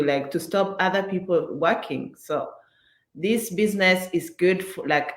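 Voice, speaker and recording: Woman, low voice, halting speech, roomy echo on a video call. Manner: halting, many "like" fillers. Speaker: business member. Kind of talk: casual testimonial.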